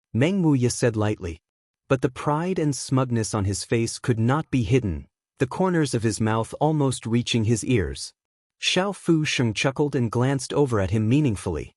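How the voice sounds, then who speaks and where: A man narrating a fantasy audiobook in an even, steady reading. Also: medium pitch, normal speed, no echo, clean studio sound. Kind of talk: scripted narration.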